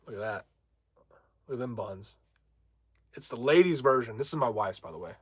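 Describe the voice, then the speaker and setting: A man's voice: medium pitch, expressive, moderate pace, breathy edge, dry recording. Young man, casual livestream chat, brash and rambling, mid-range voice, dry close sound. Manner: brash, rambling, reads viewer comments aloud. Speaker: livestream host.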